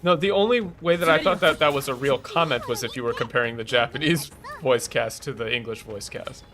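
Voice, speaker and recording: A man's voice: mid-range voice, brisk. A man chatting casually while playing a game on stream, with offhand, laid-back remarks. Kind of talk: casual chat while gaming. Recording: game music playing behind.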